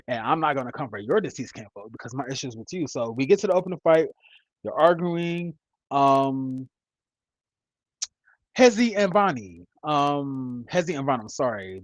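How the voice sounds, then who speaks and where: A man's voice: medium pitch, no echo, low-quality recording. A man in his mid-thirties giving casual, rambling commentary as a reality TV reviewer, blunt and profane. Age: 30s.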